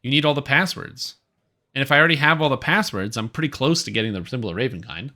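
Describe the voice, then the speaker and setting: A man's voice: medium pitch, fast talker, bright, forceful tone. A man streaming a video game, chatting casually in a rambling, offhand and opinionated way. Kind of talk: casual live-stream commentary.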